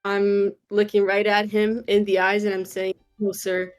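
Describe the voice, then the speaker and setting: A woman's voice: medium pitch, monotone, normal speed, faint music behind. A woman playing a tabletop game in a laid-back, casual way. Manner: laid-back, laughs often. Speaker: player.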